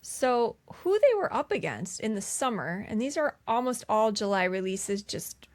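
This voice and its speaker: A woman co-hosting a podcast, casually recapping a film scene by scene with lots of ums and quick impressions of the characters. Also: medium pitch, sing-song. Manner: retells scenes with quick voiced impressions, many fillers. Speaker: podcast co-host. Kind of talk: casual movie recap chat.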